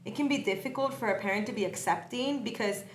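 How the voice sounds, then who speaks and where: A woman co-hosting a casual podcast, telling stories in an animated, chatty way. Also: on the high side, fast talker, slight background noise. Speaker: podcast co-host. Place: podcast studio at a cafe. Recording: roomy echo.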